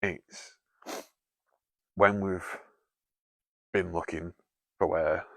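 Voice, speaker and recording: Speaking extremely slowly in a low, gravelly voice with fairly even intonation, a paranormal investigator hosts a night ghost hunt in a canal tunnel. He jokes, swears freely and calls out to a spirit in casual chat, with no room sound.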